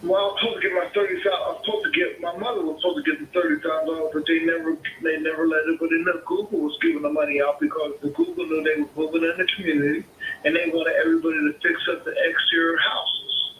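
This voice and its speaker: A man argues on a phone call, swearing freely and circling back to the same points. His voice sits a little high and sounds bright. The line is echoey, with faint noise behind it. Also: fast talker. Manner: swearing, repetitive, argumentative. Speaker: caller, homeowner.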